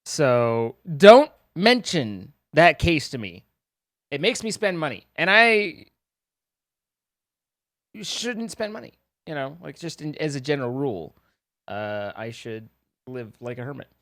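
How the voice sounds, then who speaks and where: Live streamer, casual playful banter with chat; animated delivery, dry sound. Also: medium pitch, measured pace, long pauses, dry recording. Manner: rambling, animated.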